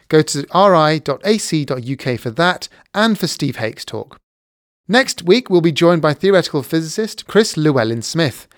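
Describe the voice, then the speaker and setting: A man hosting a podcast, reading the outro notices briskly and bantering with guests. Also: a little high, no echo, clean studio sound. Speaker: podcast host.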